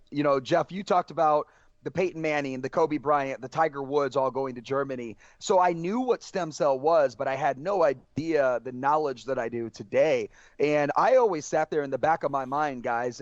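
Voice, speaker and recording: A man's voice: mid-range voice, no echo. A man, a guest on a podcast, telling earnest stories and acting out quoted dialogue as he goes. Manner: earnest storytelling, acts out quoted dialogue, keeps saying "guys". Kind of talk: casual podcast conversation. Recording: dry, dull lo-fi podcast audio.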